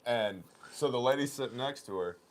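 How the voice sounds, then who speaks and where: A man hosting a casual company livestream, chatting and telling stories with animated laughter. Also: medium pitch, normal speed. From Oklahoma. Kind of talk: casual chat and storytelling.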